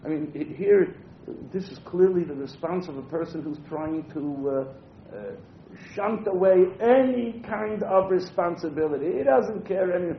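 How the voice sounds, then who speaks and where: A man with a somewhat high voice teaches a Torah class, reading verses and then explaining them in English with plenty of "uh" fillers. The sound is roomy and muffled, with a faint low rumble underneath. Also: lively intonation, unhurried, creaky. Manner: reads Hebrew verses then translates, frequent "uh" fillers. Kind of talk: text-based Torah class.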